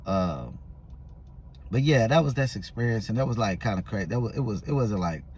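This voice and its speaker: A man's voice: lowish voice, lively intonation, moderate pace, darkish tone, slight background noise. A man vlogging, telling a story in a loose, rambling casual way with restarts and fillers.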